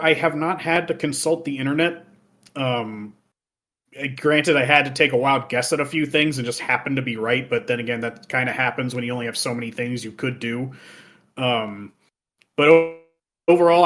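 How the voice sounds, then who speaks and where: A man co-hosting a casual gaming podcast, swearing freely, laughing often and acting out characters in quick voices. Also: mid-range voice, bright, forceful tone. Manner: profane, laughing, acts out game characters in voices. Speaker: podcast co-host.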